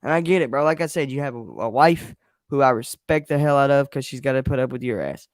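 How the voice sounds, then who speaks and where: A man hosting his own show vents his frustration in a blunt, repetitive rant full of swearing. His voice sits at an ordinary middle pitch. The sound is dry and close, with no room echo. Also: quick pace. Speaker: podcast host. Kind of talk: angry solo rant on a live stream. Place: home at night, a partner asleep nearby.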